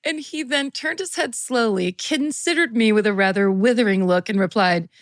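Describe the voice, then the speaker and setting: A woman's voice: fairly high pitch, normal speed, dry recording. A woman co-hosting a podcast, reading a listener's story aloud with frequent laughter and chatty asides. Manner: laughs often while reading, animated. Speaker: podcast co-host.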